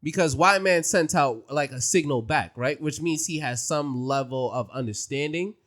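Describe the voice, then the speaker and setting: A man hosting a casual podcast chat, slangy and animated, talking in quick rushes. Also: on the high side. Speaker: podcast host. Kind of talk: casual anime recap chat.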